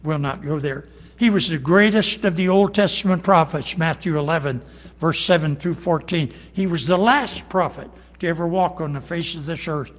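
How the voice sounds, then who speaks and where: Homespun preacher, fairly high male voice, earnest folksy sermon in a big echoing church. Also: normal speed. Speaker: pastor. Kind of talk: evening worship sermon and closing prayer. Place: church sanctuary. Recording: long reverb of a large hall.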